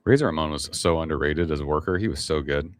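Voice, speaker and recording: Very deep-voiced man in laid-back chat. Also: quick pace, dry recording. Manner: laid-back, rambling, swears casually, reads chat aloud. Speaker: livestream host. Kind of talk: casual live-stream chat.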